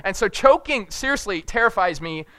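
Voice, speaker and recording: A young man preaching a casual sermon, telling rambling, jokey family stories and loudly acting out moments of panic. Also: sits high, expressive, normal speed, clear, resonant tone, no echo. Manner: jokey, rambling storyteller who shouts acted-out panic. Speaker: pastor.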